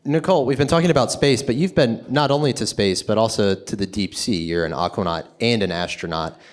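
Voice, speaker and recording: A man's voice: on the low side, fairly quick. A man moderating a stage Q&A, asking curious, inviting questions. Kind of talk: interview questions.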